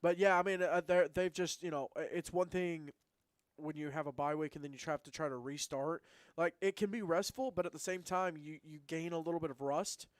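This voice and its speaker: A man co-hosting a casual high school football radio show, a former player who talks in a chatty, rambling way and teases his co-host. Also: steady tone, a little fast, no room sound. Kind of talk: casual sports talk.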